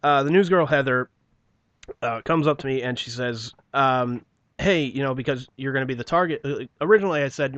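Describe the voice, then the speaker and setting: On a casual podcast, a New Jersey man tells a long, profane story about an old job, swearing often and mocking people in put-on voices. His voice is medium-pitched and fairly bright at a normal speed, with no echo, though the lo-fi audio sounds dull.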